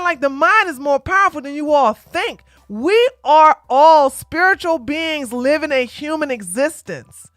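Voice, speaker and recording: A woman hosting a livestream, talking to viewers in a blunt, emphatic and preachy way that swings from loud to quiet. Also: high-pitched, expressive, measured pace, no room sound, clean studio sound, faint music behind. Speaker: livestream host. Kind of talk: casual livestream chat.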